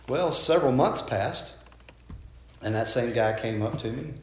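A man's voice: on the low side, moderate pace, echoey room, a little hiss or hum. A man preaching a sermon as a pastor, conversational and folksy, often asking "right?" and restarting his words.

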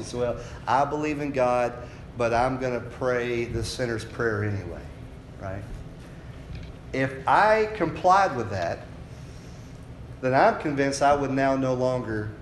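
A man's voice: medium pitch, a little hiss or hum. A man preaching a sermon from the United States, explaining scripture in a conversational teaching voice that asks his listeners questions. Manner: conversational teaching that builds to raised, fervent preaching. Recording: echoey room with faint ambience.

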